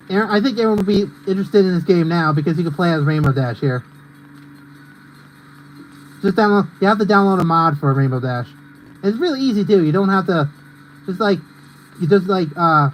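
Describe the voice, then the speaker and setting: A man's voice: fairly high pitch, slight background noise, low-quality recording. A young man streaming a racing game, rambling and ranting in casual commentary with lots of fillers. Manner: rambling and ranty, heavy on fillers.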